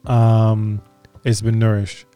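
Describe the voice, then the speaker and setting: A calm man co-hosting a podcast in casual chat, soft-spoken as he explains music styles. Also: on the low side, slow pace. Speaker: podcast co-host.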